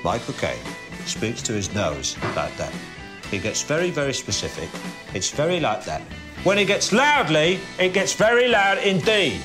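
A man doing an impression of an aging male film star, speaking slowly and nasally and turning emotional. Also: a little high, sing-song, over music, pitched above the performer's own voice. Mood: deliberate. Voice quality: nasal, slow and deliberate.

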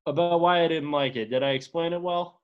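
A man's voice: clean tone, dull audio. A man co-hosting a casual movie podcast, ranting with sarcastic exasperation and swearing. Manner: rapid pitch swings, sarcastic. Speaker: podcast co-host. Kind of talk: casual movie-review chat.

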